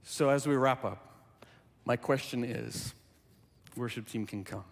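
A man preaching a sermon in a church, speaking earnestly and deliberately, repeating his key phrases. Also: medium pitch, big-room sound. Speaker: pastor.

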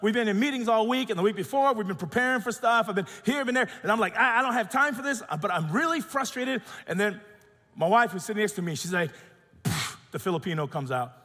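A middle-aged man preaching a sermon, telling a personal story in an animated way, acting out quotes and going soft and quiet in tender moments. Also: sits high, fast, big-room sound. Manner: animated storytelling, acts out quotes, drops to soft tones when emotional. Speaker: pastor.

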